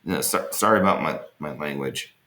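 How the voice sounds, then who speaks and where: A man's voice: rumbling low, a little fast, bright, forceful tone, roomy sound. A man being interviewed, telling rambling, joking stories in a casual way and swearing freely. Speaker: interview guest. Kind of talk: casual storytelling on an online interview.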